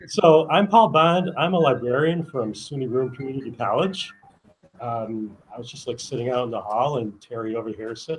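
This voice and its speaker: A man's voice: mid-range voice, animated, moderate pace, a little hiss or hum, poor audio. Hesitant man librarian musing aloud. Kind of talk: casual self-introduction.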